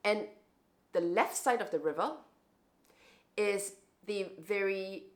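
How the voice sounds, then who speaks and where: A woman's voice: medium pitch, slow. A young adult woman vlogging to camera in a casual, reflective way, often restarting and repeating words.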